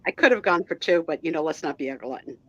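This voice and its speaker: A woman's voice: deep voice, animated, fast talker, no room sound, highs cut off. A woman chatting casually as a guest on a live stream, rambling with restarts over a video call. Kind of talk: casual chat.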